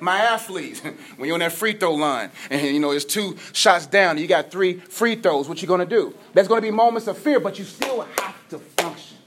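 A man preaching a sermon as a pastor, energetic, dropping from loud to hushed, sometimes stuttering and tripping over his words. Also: sits high, normal speed, hardly any pauses, a little hiss or hum.

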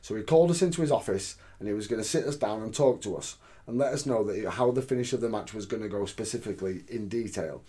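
A man's voice: lowish voice, quick pace, hardly any pauses, slightly rough. A man chatting on a podcast, telling stories with lots of energy, swearing and laughing. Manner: animated storyteller, swearing, laughing often. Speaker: podcast co-host. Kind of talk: casual chat.

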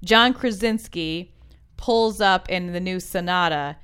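A woman's voice: on the low side, takes it slowly, a bit bright, clear, resonant tone. A woman co-hosting a casual chat, frank and wry about what she has watched. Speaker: podcast co-host. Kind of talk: casual chat reviewing commercials.

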